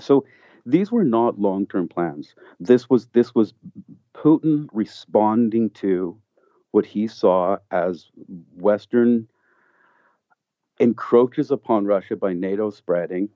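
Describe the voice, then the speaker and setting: A man with a fairly low voice talks through his argument earnestly and emphatically, circling back and restarting phrases as he goes. The sound is dry with no room, and slightly muffled. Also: expressive, takes it slowly, dark tone, no room sound. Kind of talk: conversational political discussion.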